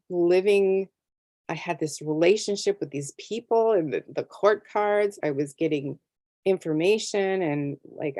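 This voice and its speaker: A middle-aged woman, a tarot deck artist appearing as a guest, tells a story in a casual interview and acts out her own reactions. Her voice is low and warm, and the recording is dry.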